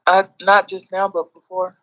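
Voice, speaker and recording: A woman's voice: medium pitch, monotone, moderate pace. A woman from Charlotte with a Southern accent, telling stories in a casual group chat, brash and profane. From Charlotte, USA. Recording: lo-fi app audio.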